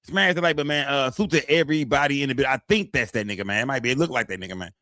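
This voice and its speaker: A streamer watching court footage gives casual live-stream commentary, rattling along quickly in loose, profane slang and looping back over the same phrases as he addresses his chat. His ordinary-pitched voice sounds dry, close, pushed, and bright, with no room sound.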